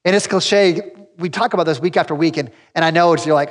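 A man's voice: fairly high pitch, quick pace, in a large hall. A man preaching a sermon as pastor, talking to the congregation in a direct, conversational and emphatic way. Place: church sanctuary.

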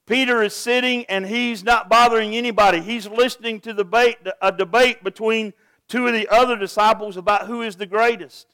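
High-voiced earnest man preaching. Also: steady tone, brisk, sharp tone, clean tone, no room sound. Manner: earnest, asks the congregation direct questions. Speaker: pastor. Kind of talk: sermon.

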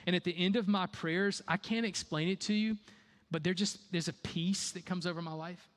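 A male pastor delivering a sermon in a casual, conversational way. His voice sits fairly high for a man, and he leans on repetition and pointed rhetorical questions to drive each point home. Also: steady tone, moderate pace, a bit bright, long reverb tail. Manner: conversational, repeats key phrases, rhetorical questions.

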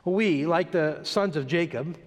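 A man preaching a sermon, dropping his voice low on slow, emphatic lists and rising sharply as he presses each point. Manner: dramatic rises and drops, slow emphatic lists. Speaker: pastor. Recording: long hall reverb.

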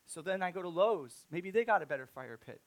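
A man in his thirties preaching a sermon, telling a story and swinging from soft-spoken to loud, excited outbursts. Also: sits high, a little fast. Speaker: pastor.

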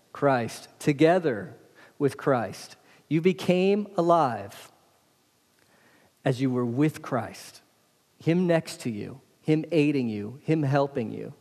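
A man's voice: mid-range voice, a little mellow. Male pastor, sermon, emphatic call-and-response delivery, long church-hall echo. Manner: emphatic, calls on the congregation to respond.

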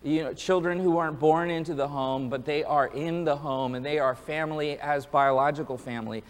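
High-voiced pastor preaching in a reverberant hall. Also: male voice, a little fast. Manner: earnest, building to emphatic peaks; animated storytelling with acted-out quotes. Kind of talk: sermon.

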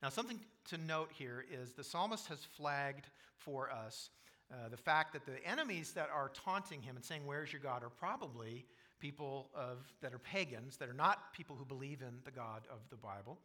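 A pastor preaching a sermon, explaining scripture in an earnest way and asking the congregation questions. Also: male voice, medium pitch, expressive, moderate pace, bright, forceful tone.

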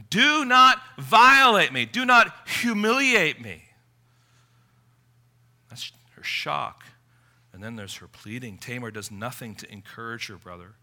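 A man preaching a sermon, emphatic, moving from quiet reflection to forceful appeals. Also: medium pitch.

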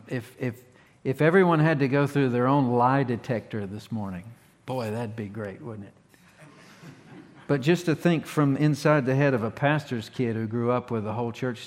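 A man's voice: medium pitch, long reverb tail. A man preaching a conversational sermon in a folksy, plainspoken way, restarting phrases and punching key words. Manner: folksy, plainspoken, restarts often, animated emphasis. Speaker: pastor.

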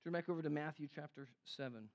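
A man preaching a sermon in an animated, conversational way, acting out the quotes he cites. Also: fairly high pitch, fast talker, vocal fry, dull audio. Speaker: pastor.

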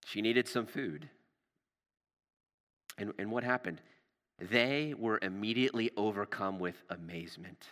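Pastor guy telling the story in a sermon, lowish voice, big echoey hall. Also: unhurried, long pauses, fairly bright tone. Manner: storytelling, rises for drama and drops low for tender words.

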